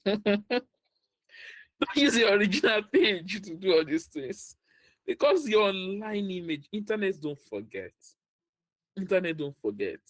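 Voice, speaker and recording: A man's voice: on the high side, no room sound. A man giving a motivational career talk, repeating his points, laughing often and acting out the people he quotes. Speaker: career workshop speaker.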